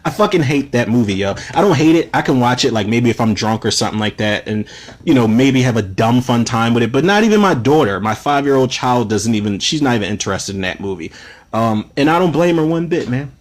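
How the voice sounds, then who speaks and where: A man in his thirties giving a casual spoken film review on his podcast. He rants in a profane, animated way, and his pitch sits at an ordinary middle level. His talk is loose and full of fillers. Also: brisk.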